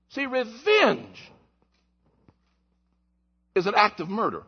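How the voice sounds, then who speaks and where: A pastor preaching in church, a man whose high voice leaps around as he shouts one moment and drops low the next. There is a husky grain to his voice. The recording sounds dull and lo-fi. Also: huge pitch swings, moderate pace. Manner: impassioned preaching, swings from shouts to low murmurs. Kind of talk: sermon. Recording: muffled lo-fi recording.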